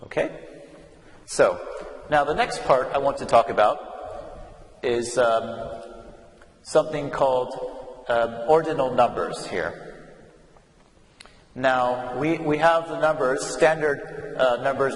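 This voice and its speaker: A man teaching an English lesson to learners, speaking slowly and carefully and repeating words so they can follow. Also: mid-range voice. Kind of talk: slow classroom lesson. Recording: echoey room with long reverb, faint noise.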